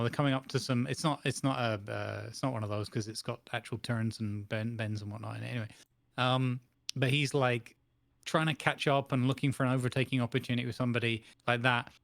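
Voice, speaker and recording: A man's voice: mid-range voice, fairly even intonation, fairly quick, vocal fry, fairly bright tone, dry recording. A man with a mid-range voice tells an anecdote on a podcast, dry and close to the mic. He teases in a wry, easygoing way. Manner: wry, teasing storyteller. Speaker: podcast co-host. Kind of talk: casual podcast chat.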